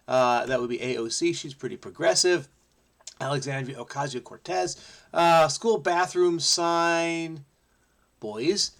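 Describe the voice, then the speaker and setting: A man from New Jersey solving a crossword aloud, excitable and frenetic, muttering to himself and breaking into snatches of song. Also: mid-range voice, vocal fry. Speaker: crossword solver host. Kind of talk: thinking aloud while solving.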